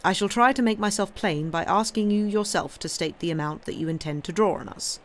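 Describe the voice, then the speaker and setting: A woman's voice: medium pitch, a little fast, close to an everyday voice. A woman doing a pompous stammering banker. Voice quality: stammering, haughty. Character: pompous, flustered middle-aged male banker. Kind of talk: reading a novel aloud on a livestream.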